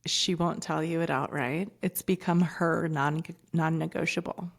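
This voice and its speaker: Gravelly low-voiced woman, 40s, blunt and sweary, rambles off on tangents. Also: fairly even intonation, measured pace. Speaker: podcast guest. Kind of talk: casual chat.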